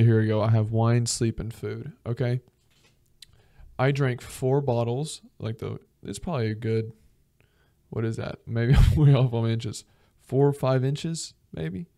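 Mellow-voiced man telling stories on a podcast. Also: medium pitch, creaky, no room sound, clean studio sound. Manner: profane, rambling, acts out voices in his stories. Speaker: podcast guest. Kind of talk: casual storytelling.

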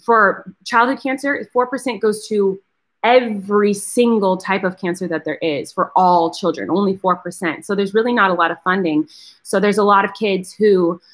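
A woman's voice: mid-range voice, steady tone, normal speed. A woman hosting a live charity fundraiser, talking casually and earnestly to viewers and thanking donors. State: tearful, close to crying. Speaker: host of a charity fundraiser livestream.

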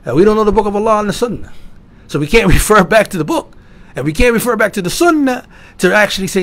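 A man's voice: sits high, expressive, quick pace. Emphatic male lecturer, rhetorical style. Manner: emphatic, rhetorical questions, swings from loud to quiet. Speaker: lecturer at an Islamic institute.

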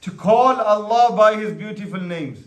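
A man's voice: high-pitched, normal speed. A man preaching a sermon, asking the audience questions and calling on listeners by name. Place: religious gathering hall. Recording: echoey hall.

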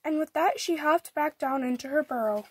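A woman reading a children's picture book aloud, narrating in an animated, expressive way. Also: high-pitched, normal speed. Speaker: storyteller.

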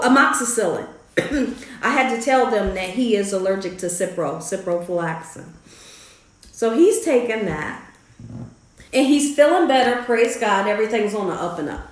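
A woman's voice: medium pitch, expressive, moderate pace. A woman hosting her own vlog, telling a family story in a chatty, faith-filled way. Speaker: cooking channel host. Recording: roomy echo.

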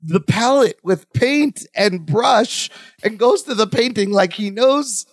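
A man co-hosting a podcast, recapping a sitcom episode in casual chat with animated retelling and frequent laughter. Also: high-pitched, slow pace, no echo. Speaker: podcast co-host.

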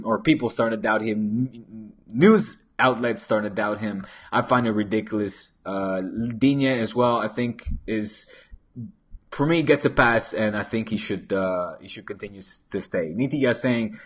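A man hosts a live football chat show at his desk mic, his voice slightly husky. He rambles casually through viewer comments with lots of fillers and restarts. Now and then he slips a Spanish phrase into his talk. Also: on the low side, fairly even intonation, normal speed, a bit bright. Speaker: football channel host. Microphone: desk microphone.

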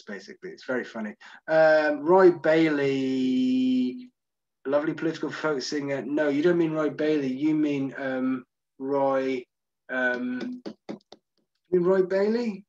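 A man's voice: mid-range voice, measured pace, a little mellow, muffled recording. A man hosting a virtual tour, chatting through audience comments one by one and owning up when he is unsure. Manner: chatty, self-deprecating, answers comments one by one. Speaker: tour guide. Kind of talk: live Q&A reading audience comments.

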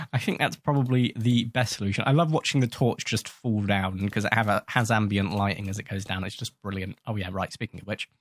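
With a lowish pitch and a fairly bright tone, and no room sound, a man runs casual commentary on his gaming channel. He rambles, jokes, pokes fun at himself, and scolds the in-game creatures.

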